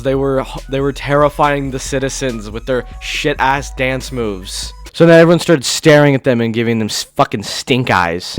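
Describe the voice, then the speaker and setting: Sarcastic, foul-mouthed man ranting. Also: medium pitch. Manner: crude, sarcastic, rambling with frequent swearing. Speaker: commentary YouTuber. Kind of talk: casual cartoon commentary vlog.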